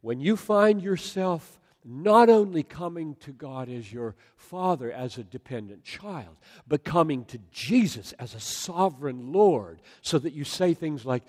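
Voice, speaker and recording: A male pastor preaching a sermon in a large room, swinging from loud emphatic lines to soft, near-whispered ones. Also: fairly high pitch, expressive, unhurried, hardly any pauses. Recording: long hall reverb.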